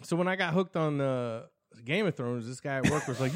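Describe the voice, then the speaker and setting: A man telling stories in a casual chat, swearing freely and animated. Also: medium pitch, fairly quick, no room sound, clean studio sound. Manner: animated, profane storytelling.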